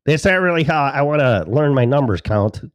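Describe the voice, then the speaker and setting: A talk show host from the Chicago suburbs, Illinois, delivers a solo rambling monologue, sarcastic and profane, repeatedly interrupting himself. His mid-range voice is animated and fairly quick.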